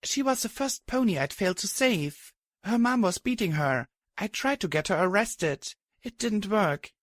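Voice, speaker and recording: A man's voice: sits high, a little slow, dry recording, voice pushed up. A man putting on a worn-out young mare pony from a storybook, her voice raised well above his own and sighing through every line. She sounds blunt and guilt-ridden. The recording is dry and close. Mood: weary. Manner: tired, mumbling, sighing.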